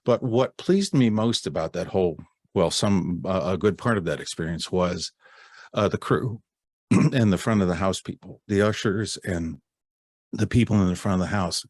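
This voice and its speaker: A man's voice: sits low, normal speed, no room sound, studio quality. A middle-aged man, a guest actor and narrator, telling backstage stories in a rambling, chatty way with many restarts. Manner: rambling, with restarts and warm laughs. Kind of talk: casual interview storytelling.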